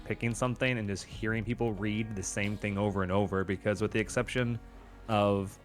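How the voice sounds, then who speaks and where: A man's voice: on the low side, steady tone, a little fast, soft background music. A man co-hosting a casual podcast, explaining hesitantly with many fillers. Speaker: podcast co-host. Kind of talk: casual chat.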